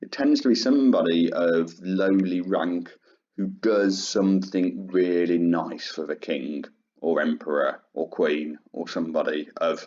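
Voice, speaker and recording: A man's voice: deep voice, darkish tone. A man teaching a maths lesson, chatty and informal with lots of fillers. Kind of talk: classroom lesson. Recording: dull lo-fi sound.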